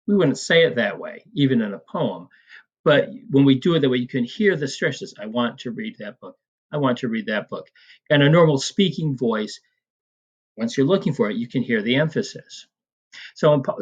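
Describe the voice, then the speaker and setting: A man lectures to Latin students in an explanatory, patient way, sometimes stumbling through restarts. His voice is a little husky and sits at a middle pitch. The recording is dull and lo-fi. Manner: explanatory, over-stresses example sentences, some hesitant restarts. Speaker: Latin teacher.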